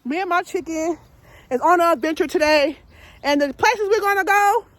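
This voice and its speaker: A woman vlogging in her backyard, loud and playful, talking to camera and scolding her pet chicken. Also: very high voice, moderate pace, no room sound. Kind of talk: casual vlog talking to camera. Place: backyard outdoors.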